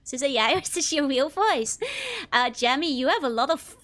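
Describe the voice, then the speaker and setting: A woman's voice: sits high, expressive, moderate pace, a bit bright. A woman streamer chatting casually while playing a game, giggling often and rambling with many fillers. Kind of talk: casual gameplay chat.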